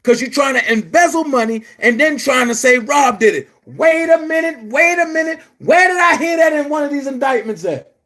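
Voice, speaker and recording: A man delivering a heated, profane rant to his viewers, shouting at times. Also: very high-pitched, expressive, normal speed. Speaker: commentary vlogger. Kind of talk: angry rant to camera.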